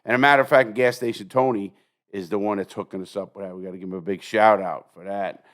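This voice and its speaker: An older American man with a lowish voice hosts a casual podcast chat. He tells stories bluntly and profanely, acting out the voices of the people he quotes. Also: steady tone, fast, fairly bright tone. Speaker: podcast host.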